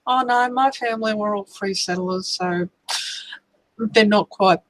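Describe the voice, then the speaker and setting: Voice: mid-range voice, measured pace, low-quality recording. An adult in their forties with an Australian accent, making dry, wry remarks in a casual voice chat. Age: 40s.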